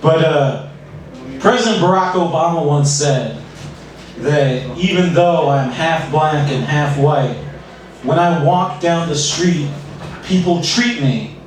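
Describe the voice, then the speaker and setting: A man doing a self-deprecating stand-up set at an open mic with a dry, deadpan delivery. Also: fairly high pitch, slow pace, long pauses, slight background noise. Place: small comedy club stage. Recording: echoey room, far from mic.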